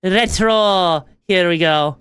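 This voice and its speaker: A woman's voice: on the low side, takes it slowly, fairly bright tone, clear, resonant tone, dry recording. A woman streamer chatting casually as she sets up a game, rambling with lots of fillers and casual swearing. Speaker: VTuber streamer. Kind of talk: casual gaming stream chat.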